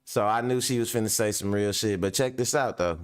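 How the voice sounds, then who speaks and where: A man's voice: lowish voice, brisk, smooth. A man hosting casual reaction commentary, telling stories in loose slang with many fillers. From Kenya. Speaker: commentary host.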